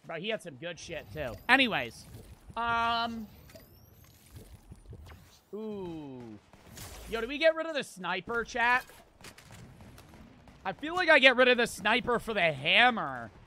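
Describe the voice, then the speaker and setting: A man's voice: high voice, big pitch swings, slow, long pauses, bright, forceful tone, a little hiss or hum. A man in his twenties streaming a game, telling a rambling story between profane trash talk. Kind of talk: casual storytelling while gaming.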